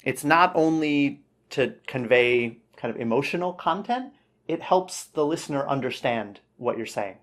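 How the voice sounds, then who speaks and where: A man's voice: mid-range voice, a little slow. A man works through feedback on a student's speaking answer in an easy, explanatory way. He stops often to check in and sounds out tricky words with care. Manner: relaxed, explanatory, says okay often. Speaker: English teacher. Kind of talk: spoken feedback lesson.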